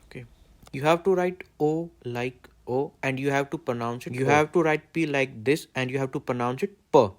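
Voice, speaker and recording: A male language teacher who speaks Hindi natively gives an alphabet lesson, explaining the letters plainly, step by step. He has a medium-pitched voice and talks at normal speed.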